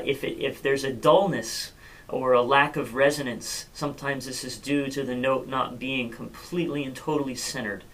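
A man's voice: medium pitch, fairly bright tone, low-quality recording. A man giving an unscripted cello lesson, thinking aloud with many fillers and restarts. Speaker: cello teacher. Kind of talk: instructional talk.

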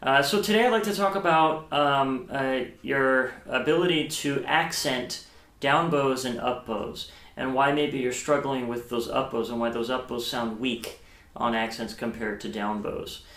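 A man's voice: mid-range voice, unhurried, a bit bright. Guy explaining cello stuff on video, lots of uhs and restarts, kinda roomy echo. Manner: thinking aloud with many fillers and restarts, explains step by step. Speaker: cello teacher. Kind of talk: casual video lesson. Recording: echoey room.

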